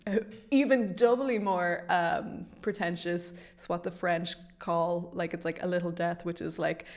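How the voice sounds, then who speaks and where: A woman's voice: on the low side, steady tone, measured pace. A woman with an Irish accent co-hosting a podcast, giggly and bawdy in casual chat. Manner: giggly, bawdy, self-mocking. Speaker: podcast co-host.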